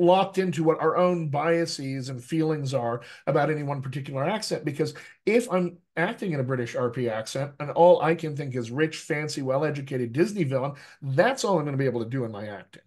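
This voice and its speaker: A man with an American accent, a dialect coach giving a lively, teacherly talk to actors over a video call, often checking in with "right?". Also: fairly high pitch. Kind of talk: live online coaching talk.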